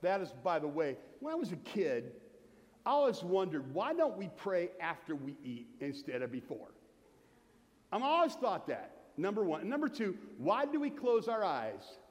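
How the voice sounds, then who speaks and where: A man's voice: sits high, huge pitch swings, moderate pace. A middle-aged man preaching a sermon, telling humorous stories and acting out the voices of the people in them. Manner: humorous storytelling, acts out quoted voices. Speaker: pastor. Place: church sanctuary. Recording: long hall reverb from the church.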